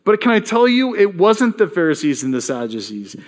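A man's voice: high voice, very animated, brisk. A man preaching a sermon in a conversational way, reading scripture aloud and acting out the voices in it. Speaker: pastor.

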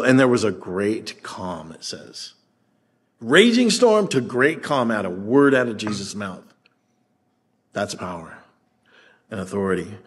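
A man preaching a sermon as pastor, conversational and animated, acting out the voices in the scripture he reads. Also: on the low side, husky.

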